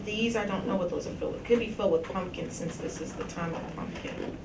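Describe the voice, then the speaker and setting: A woman's voice: on the low side, quick pace, creaky. A woman hosting a casual cafe talk show, chatty and hospitable. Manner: chatty, hospitable, laughs easily. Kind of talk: casual chat. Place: small cafe. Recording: echoey cafe room, distant mic, background noise.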